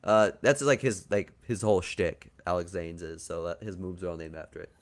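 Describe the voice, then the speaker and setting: His voice sits low and he talks a little fast as he pitches his wrestling storyline on a podcast. He goes through it casually, joking around and occasionally getting crude.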